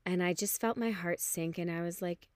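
Lively hungover woman telling a story. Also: moderate pace, no room sound, studio quality. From Canada. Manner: animated, acts out quoted people with big pitch jumps. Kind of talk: casual storytelling.

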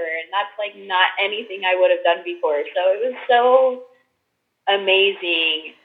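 A woman telling a story as a podcast guest, lively and expressive, who breaks into high, exaggerated voices whenever she quotes someone. Her pitch sits in the middle range. The sound is a little dull and lo-fi. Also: a little slow. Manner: animated, acts out quotes with big pitch jumps. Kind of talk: casual storytelling chat.

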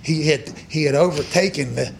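A man's voice: a little high, normal speed, gravelly, a little hiss or hum. A man hosting a sports podcast, telling crude comic stories in a loose, joking way. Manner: animated, crude joking, building comic rants. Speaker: podcast host. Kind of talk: casual sports chat.

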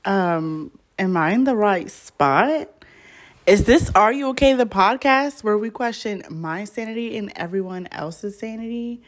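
A woman's voice: medium pitch, a little slow. A young woman hosting her own podcast, chatting casually and rambling with lots of fillers. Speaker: podcast host. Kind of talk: casual solo podcast chat.

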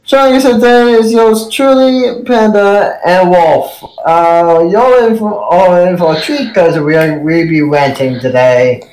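A man opening a podcast with a slow, playful intro. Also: high voice, darkish tone. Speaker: podcast host doing intro. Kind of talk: show intro. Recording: echoey room.

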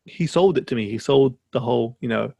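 A man's voice: mid-range voice, brisk, creaky, mellow, slightly rough, dry recording. A man co-hosting a podcast in casual chat, rambling with fillers and restarts. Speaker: podcast co-host.

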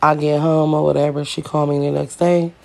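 A man with a fairly high, gravelly voice tells a personal story in a loose, casual way, full of slang and profanity. He keeps it conversational and drops quoted lines into the telling. The fry in his voice stays through it all. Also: flat delivery, a little fast, a little mellow.

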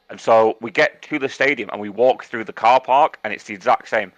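An English man co-hosting a podcast, telling stories in a lively, swearing, casual chat. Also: medium pitch, brisk, hardly any pauses, dry recording. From England. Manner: animated storytelling, heavy swearing. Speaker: podcast co-host. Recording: dull, dry lo-fi mic with faint music.

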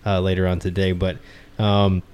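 A man's voice: low voice, monotone, normal speed, a little mellow, smooth. A man hosting a podcast, laying out the episode in a laid-back, rambling way. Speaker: podcast host.

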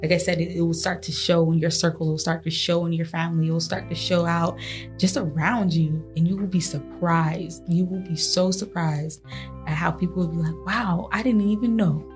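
Over soft background music, a woman with a lowish voice speaks a little fast and with a flat delivery. She hosts a faith-based motivational podcast, earnestly encouraging her listeners and often breaking into laughter.

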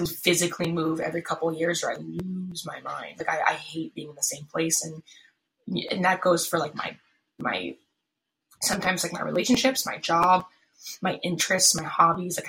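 A young woman in her twenties with a low, gravelly voice that still sounds bright and sharp-edged. She hosts a casual solo podcast from home and rambles tiredly, with lots of fillers and restarts. Faint background noise and pen clicks sit under her voice. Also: poor audio. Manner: tired, yawning. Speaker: podcast host.

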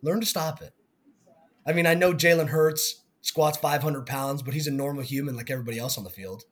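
A man co-hosting a sports podcast in casual chat, giving blunt opinions that trail off softly at the ends. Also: fairly high pitch, brisk. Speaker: podcast co-host.

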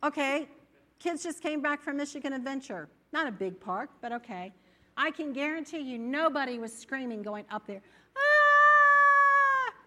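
A woman preaching to a church congregation in a bright, fairly high voice. She talks in a conversational, animated way and often slips into the voices of worried listeners. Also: moderate pace. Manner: animated, acts out inner voices. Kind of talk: sermon.

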